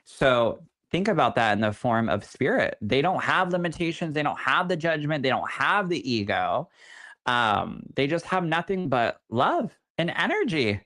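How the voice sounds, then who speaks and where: Animated campy man chatting on a podcast. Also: a little high, moderate pace. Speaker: podcast co-host, psychic medium. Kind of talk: casual podcast chat.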